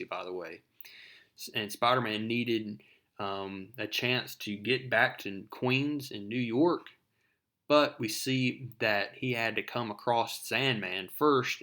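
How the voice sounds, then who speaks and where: A man's voice: medium pitch, slow, sharp tone. Man casually recapping a comic. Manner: conversational storytelling with fillers. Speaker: comic book reviewer.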